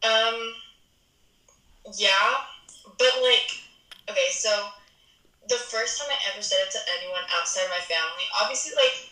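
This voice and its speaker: A woman's voice: medium pitch, moderate pace, pauses often, bright, forceful tone, echoey room, recorded from a distance, rough recording. A young woman in casual chat, rambling and searching for words as she explains her feelings.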